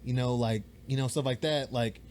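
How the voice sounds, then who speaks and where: A young man co-hosting a podcast, telling a story in a rambling, animated way, swearing freely and acting out the voices of people he quotes. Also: medium pitch, normal speed. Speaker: podcast co-host. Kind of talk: casual storytelling chat. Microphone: podcast mic.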